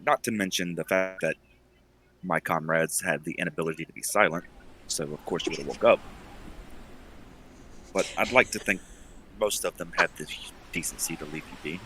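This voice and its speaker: A man playing a character in a tabletop game, speaking in a measured, earnest way. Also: deep voice, fairly bright tone, a little hiss or hum. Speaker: player. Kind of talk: in-character roleplay.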